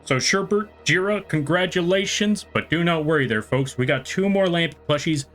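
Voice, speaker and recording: A man with a slightly high voice streams live from a home setup, calling a race in a playful, excitable way. He drifts into rambling asides as he chats with viewers, while faint music plays underneath. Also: moderate pace. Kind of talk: casual live-stream chat and race commentary.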